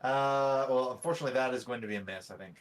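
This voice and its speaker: A man's voice: medium pitch, quick pace. A man acting as game master, talking casually and patiently explaining the rules. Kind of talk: casual tabletop game narration.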